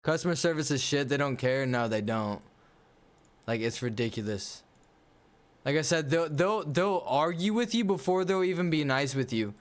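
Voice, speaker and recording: A man's voice: a little high, animated, normal speed. A man livestreaming a game and chatting casually, ranting bluntly in slang. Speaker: gaming livestreamer. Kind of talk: casual livestream chat while playing.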